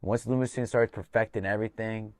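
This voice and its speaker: A man's voice: fairly low pitch, steady tone, fairly quick, no room sound, clean studio sound. A man hosting a podcast, telling a casual, profane story as a fight coach and acting out the dialogue as he goes. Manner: loose and profane, acts out quoted dialogue.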